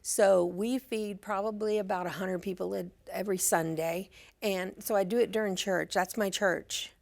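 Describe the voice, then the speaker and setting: A woman's voice: mid-range voice, steady tone, moderate pace, creaky. A woman who leads a street and jail ministry, talking earnestly as a guest on a talk show, often restarting her sentences and laughing easily. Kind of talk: casual talk-show chat.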